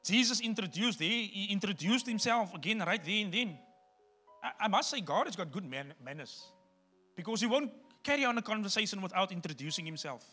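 Pastor, male, high and very bright voice; preaches emphatically and talks right to the congregation. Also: expressive, a little fast, slightly rough, soft background music. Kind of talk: sermon.

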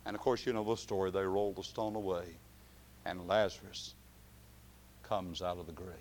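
A man preaching a sermon, dropping to quiet, drawn-out phrases and then rising to loud shouted climaxes. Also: low voice, level tone, a little hiss or hum.

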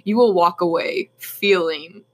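A woman's voice: fairly low pitch, unhurried. A young woman co-hosting a podcast, telling a story in casual chat and laughing often. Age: young adult. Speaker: podcast co-host.

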